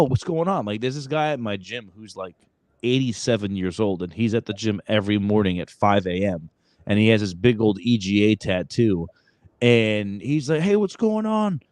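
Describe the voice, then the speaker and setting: A man's voice: fairly low pitch, dry recording. A man hosting a podcast, telling rambling stories full of fillers and restarts. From Brooklyn, New York. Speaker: podcast host. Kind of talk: casual podcast chat.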